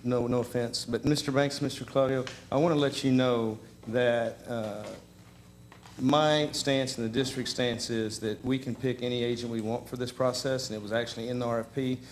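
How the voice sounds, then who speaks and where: A man speaking for a school district gives a measured, matter-of-fact statement at a board meeting. His voice sits at a medium pitch, and faint room ambience runs behind him. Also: fairly even intonation, a little hiss or hum.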